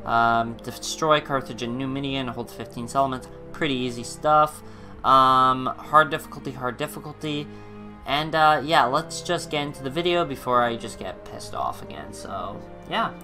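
A man's voice: mid-range voice, moderate pace, music in the background. A man hosting a gaming video, ranting angrily and swearing a lot before starting play. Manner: angry profane ranting. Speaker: gaming YouTuber. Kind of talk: let's play commentary.

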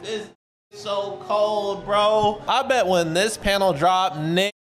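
Live on stream, a man with a high-pitched, slow voice reads aloud and reacts casually and excitably, cursing freely and now and then letting out sudden shouts.

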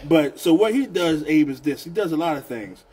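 A chatty man with a Southern US accent hosts a casual live union show. His voice is husky and a bit higher than most men's. He talks loosely, repeats words and drops "man" into nearly every sentence. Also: expressive, fairly quick, darkish tone. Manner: loose, repetitive, chatty, says "man" often. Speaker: union leader hosting an online show. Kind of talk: casual live-stream talk.

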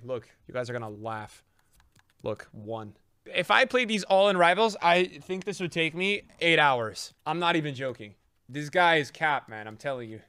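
A man streaming live gameplay commentary, sarcastic and bantering and often yelling at the game. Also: on the high side, clear, resonant tone, no room sound. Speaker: gaming streamer.

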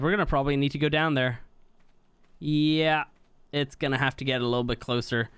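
A man's voice: a bit bright, clean tone, dry recording. Chatty young man narrating gameplay. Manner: chatty, exasperated at his creature, jumps to high surprised yelps. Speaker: gaming YouTuber. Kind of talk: casual gameplay commentary.

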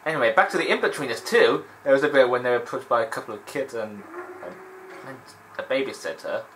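Fast-talking and a bit bright, a man with a medium-pitched voice rambles through gameplay commentary in his let's play, digressing and laughing often. The recording is rough, with slight background noise.

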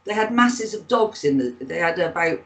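A woman in her sixties, an actress and author with a Bristol English accent, tells rambling anecdotes as a guest in a casual interview, using plenty of fillers. Her lowish voice is animated at a moderate pace, on a low-quality recording.

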